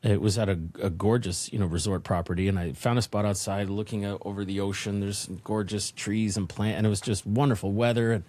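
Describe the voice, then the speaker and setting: A man guest on a business podcast, telling a personal story in an animated way and acting out the voices in his head. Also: fairly low pitch, brisk, hardly any pauses. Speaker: podcast guest, leadership consultant. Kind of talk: interview storytelling.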